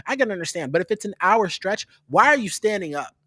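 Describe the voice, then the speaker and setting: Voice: medium pitch, big pitch swings, bright, forceful tone, no echo. Talk show host, casual chat, laughing, ranting lightly, dry mic. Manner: laughing, quick questions, musing rants.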